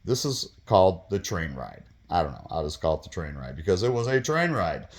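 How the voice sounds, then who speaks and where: A man in his fifties telling a casual story, rambling and profane, with many fillers and sudden bursts of excitement. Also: low voice, fairly quick. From Michigan, US. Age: 50s. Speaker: vlogger telling his own stories.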